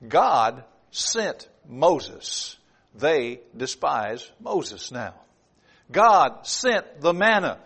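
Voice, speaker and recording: Pastor preaching with dynamic swings. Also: male voice, sing-song, drawn-out words, slightly rough. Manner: dynamic preaching, swings from loud emphasis to low hushed asides. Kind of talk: sermon.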